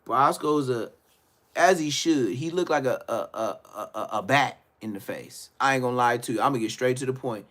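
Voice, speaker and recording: At a moderate pace, a live streamer on his own channel rants casually and profanely, speaking bluntly. His talk wanders, fades out, and starts over, swinging from quiet muttering to loud bursts.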